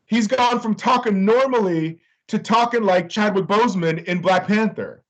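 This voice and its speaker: A man co-hosting a casual wrestling podcast, talking in an animated, joking way with plenty of swearing. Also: high-pitched, normal speed, dull audio. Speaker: podcast co-host.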